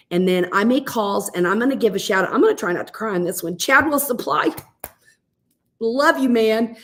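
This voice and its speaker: A middle-aged woman, a guest on a podcast, telling a story in a chatty, animated way with lots of fillers. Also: mid-range voice. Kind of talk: casual storytelling.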